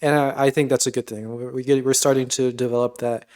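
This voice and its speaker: A man's voice: medium pitch, flat delivery, fast, a little mellow. A man commenting on a clip during a live stream, joking and mock-exasperated.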